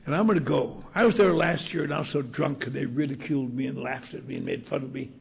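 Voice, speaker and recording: A man's voice: medium pitch, fast talker, vocal fry, breathy edge, muffled recording, heavily acted. An old man acting out an earnest alcoholic doctor. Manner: earnest, emotional. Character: anguished then elated alcoholic male doctor.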